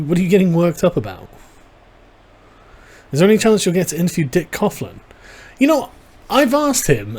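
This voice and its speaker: A man's voice: fairly high pitch, darkish tone. A man hosting a casual livestream, reading viewer chat aloud and reacting with wry, sarcastic asides. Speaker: livestream host.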